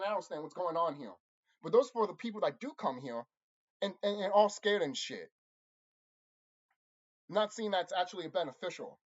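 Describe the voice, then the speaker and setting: Angry profane ranter, lo-fi recording. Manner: angry, profane, repeats himself, insults listeners; lively swings in pitch and loudness. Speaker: channel host. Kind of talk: ranting monologue to viewers. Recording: dull lo-fi recording.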